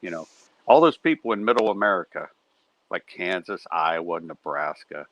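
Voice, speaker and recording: A man's voice: deep voice, animated, normal speed, fairly bright tone, dry recording, low-quality recording. A middle-aged man with a Pittsburgh accent, chatting casually and telling stories, often checking in with "right?". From Pittsburgh area. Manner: storytelling, asks tag questions like "right?". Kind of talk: casual chat.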